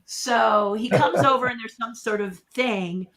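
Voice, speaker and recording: A woman's voice: fairly high pitch, measured pace, crowd noise. A middle-aged woman who is a puppeteer, telling stories as a guest in a casual interview. She acts out quotes and laughs often.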